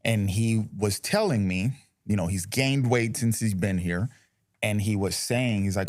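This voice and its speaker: A low-voiced man speaks as a talk-show co-host, blunt and opinionated, wandering through his points with restarts. His voice sits close and dry, with no room around it. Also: moderate pace, a little mellow, dry recording. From United States. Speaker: podcast co-host. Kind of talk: casual chat.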